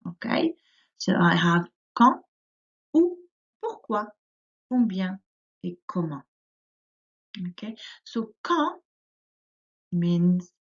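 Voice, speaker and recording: Dull lo-fi audio captures a woman teaching French to young children in a recorded remote class. As a primary school teacher, she says each word slowly so they can repeat it, lifting her pitch on every French term.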